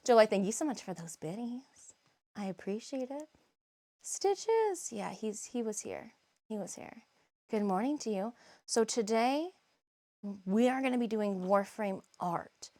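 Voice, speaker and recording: A woman's voice: mid-range voice, lively intonation, unhurried, a little mellow. A woman live streaming, chatting casually, greeting viewers by name and grumbling about her cats.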